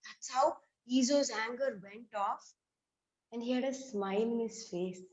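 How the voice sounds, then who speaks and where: A woman leads children through a story and movement songs, speaking in a high, unhurried, sing-song voice and talking to them directly. The room echoes and the recording sounds dull and lo-fi. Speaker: children's storyteller and activity leader.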